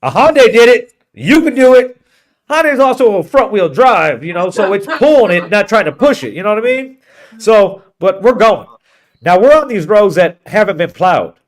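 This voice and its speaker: Brief: man, high-pitched voice, podcast co-host, animated swearing storyteller. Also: normal speed. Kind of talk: casual storytelling chat.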